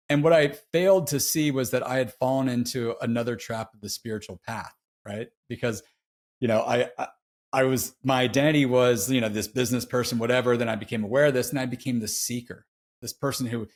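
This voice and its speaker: A man guest on a podcast, telling a personal story in a casual, candid way, often saying "dude" and restarting his sentences. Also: mid-range voice.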